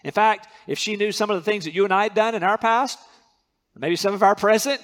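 Man, pastor, sermon, earnest, emphatic repetition, fairly high voice. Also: a little fast, fairly bright tone. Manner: earnest preaching, repeats key words for emphasis.

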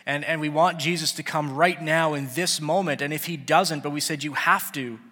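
A man preaches in an earnest, chatty way, slipping into the voices of the people in his story. His tone is forceful and a little high for a man. The sound rings out in a long hall echo. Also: steady tone, normal speed. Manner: earnest, conversational, acts out biblical characters. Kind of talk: sermon.

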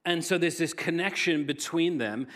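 A man preaching a sermon as pastor, telling the story in an animated way, swinging from loud, excited bursts to hushed near-whispers. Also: a little high, normal speed.

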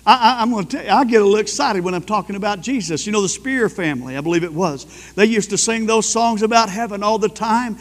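A man preaching a sermon as pastor, fervent and at times rising to loud praise. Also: extremely high pitch, in a large hall.

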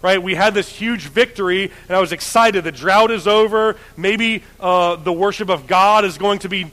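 A man's voice: sits high, moderate pace, a bit bright, rough recording. A man teaching the Bible, reading passages and retelling them in conversational everyday language. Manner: conversational, paraphrases scripture in everyday slang. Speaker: preacher.

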